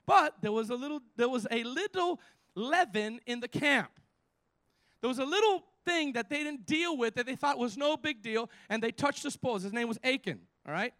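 A man pastor preaching a sermon, animated and exhorting, with frequent stumbling restarts. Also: extremely high pitch, a little fast, dry recording.

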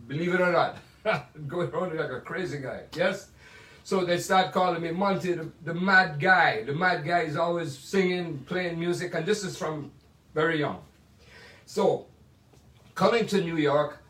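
A man's voice: on the high side, a bit bright. Older Jamaican man in an echoey room. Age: 80s. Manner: chatty, playful, drawn-out asides. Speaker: musician sharing memories. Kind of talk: casual storytelling monologue. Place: home music room. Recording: echoey room, mic at a distance.

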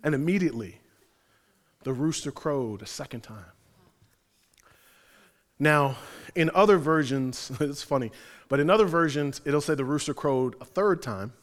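High-voiced preacher in a reverberant hall. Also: male voice, measured pace, long pauses. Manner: animated, conversational, slangy storytelling. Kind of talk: sermon.

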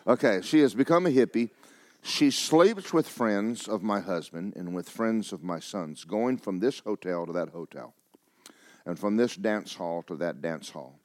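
A man's voice: sits low, unhurried, dry recording, clean studio sound. A man preaching a sermon as pastor, mixing joking asides with fervent calls.

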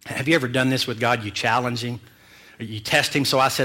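Male pastor, sermon storyteller; bright, punchy tone, animated and self-mocking. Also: medium pitch, fairly quick.

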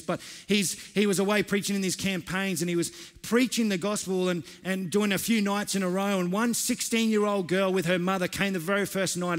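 A man preaching a sermon as pastor, telling personal stories earnestly with frequent restarts and repeated words. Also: high-pitched. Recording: long hall reverb.

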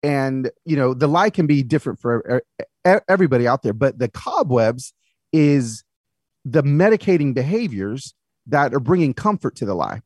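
A man in his late thirties tells a personal story as a podcast guest. His voice is slightly husky and swings widely in pitch. He acts out the people he quotes, and the recording is dry and close. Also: very animated, moderate pace, a little mellow, dry recording. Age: 30s.

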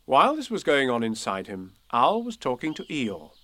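A man narrating a children's storybook with gentle, expressive storytelling. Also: medium pitch, normal speed.

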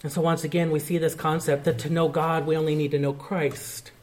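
Higher-voiced male pastor preaching. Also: level tone, brisk. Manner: earnest, explanatory teaching. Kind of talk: sermon.

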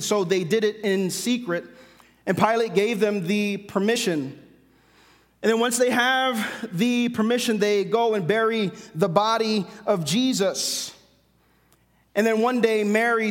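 A man preaching a sermon in a conversational way, with self-corrections and humorous asides. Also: high-pitched. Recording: long hall reverb.

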